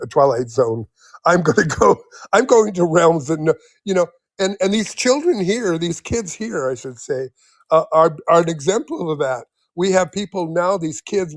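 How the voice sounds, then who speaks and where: Older guy in his 70s rambling through a story, laughs a lot, kinda high voice, dry close sound. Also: no echo. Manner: rambling, many restarts, laughs often. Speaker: guest. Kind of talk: casual storytelling in an interview.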